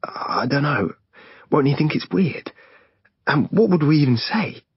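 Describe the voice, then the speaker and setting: A man's voice: a little high, lively intonation, measured pace, slightly rough, dry recording, pitched above the performer's own voice, exaggerated voice. A man voicing an anxious young man who worries and hesitates. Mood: worried. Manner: worried, tense. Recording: dull lo-fi recording.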